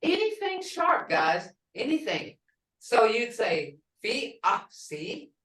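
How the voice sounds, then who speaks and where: Slow, lively woman teaching pronunciation. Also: medium pitch. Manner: slow, repeats words to drill sounds. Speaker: language teacher. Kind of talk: pronunciation lesson. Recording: echoey room from far off.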